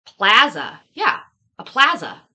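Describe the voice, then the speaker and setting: Canadian woman, streamer host, slow unhurried delivery, playful and laughing. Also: a little high, huge pitch swings, pushed and bright, husky. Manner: laughing, playful, mock-arguing about pronunciation. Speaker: livestream host. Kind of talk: casual chat with live viewers.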